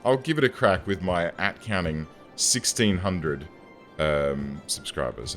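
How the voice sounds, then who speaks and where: A man's voice: sits low, big pitch swings, measured pace, fairly bright tone, faint music behind. A young man, an engineer and gaming YouTuber, rambles casually and self-deprecatingly while building a city in a game. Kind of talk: casual gameplay commentary.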